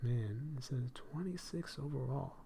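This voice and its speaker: A man's voice: mid-range voice, unhurried, creaky, very noisy. A man hosting a live stream and podcast in casual chat, effusive, often repeating "hey" and "my dude" and laughing between phrases.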